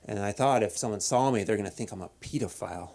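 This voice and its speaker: Brief: low, gravelly-voiced male comic, deadpan, stop-start delivery on a club stage mic. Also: crowd noise. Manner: deadpan, halting with many restarts and fillers. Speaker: stand-up comedian at open mic. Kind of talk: stand-up comedy set.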